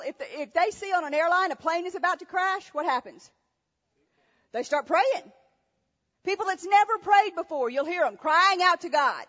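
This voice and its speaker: A woman's voice: very high-pitched, a bit bright. A woman preacher giving a sermon, asking rhetorical questions and telling stories with emphasis. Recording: echoey hall, dull sound.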